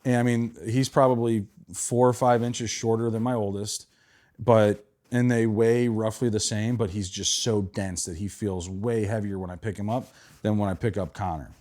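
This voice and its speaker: A man hosting a podcast, chatting in a relaxed way, swearing freely and laughing often. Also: lowish voice, normal speed. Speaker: podcast host. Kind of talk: casual podcast chat.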